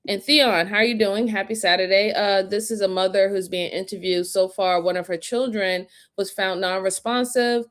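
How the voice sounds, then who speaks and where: A woman hosting a livestream, giving casual commentary on crime footage and greeting viewers by name, with relaxed talk full of fillers. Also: medium pitch, moderate pace, few pauses. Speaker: livestream host reviewing crime interrogation footage.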